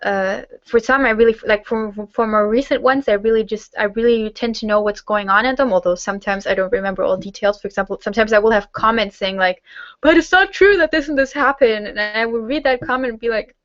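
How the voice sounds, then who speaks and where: A woman's voice: mid-range voice, fairly even intonation, quick pace, hardly any pauses, dry recording, dull audio. A young German woman hosting a casual Q&A hangout, chatting with lots of fillers and restarts. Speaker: host; teacher-training student.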